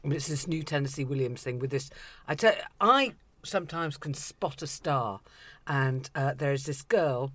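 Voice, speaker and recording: A woman hosting a chatty radio conversation, theatrical and playful, often dropping to a hush for asides. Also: a bass voice, moderate pace, no room sound.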